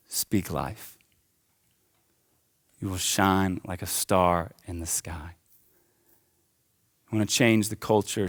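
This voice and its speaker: A young man with a low voice preaches in a church, pushing his lines up with fervor. Between the peaks he slips into a loose, conversational storytelling tone. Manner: impassioned, rising and falling preaching with casual asides. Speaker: pastor. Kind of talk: sermon. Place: church auditorium.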